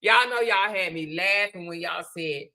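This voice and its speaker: A middle-aged woman hosts a casual live stream, handing out sassy, preachy advice and calling viewers "honey" and "child." Her voice sits on the low side, bright and forceful, at normal speed.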